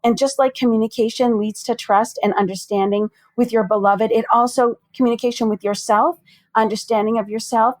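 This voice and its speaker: A woman therapist speaks as a podcast guest in a measured, reflective way. Her voice sits a little high and stays calm and deliberate. The sound is dry and close. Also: no echo. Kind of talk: measured, reflective interview talk.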